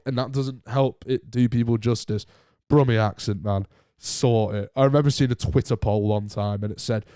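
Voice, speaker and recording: A man's voice: medium pitch, darkish tone, no room sound. Chatty northern English man, dry sound. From Northern England. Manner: chatty, jokey, rambling with restarts. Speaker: podcast host. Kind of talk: casual solo podcast chat.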